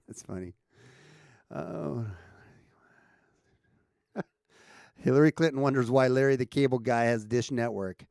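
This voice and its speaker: A man's voice: medium pitch, a little slow, creaky, pauses often, darkish tone, dry recording, clean studio sound. An American man hosting a casual livestream, chatting loosely and reading viewers' comments with frequent restarts and chuckles. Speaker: livestream host.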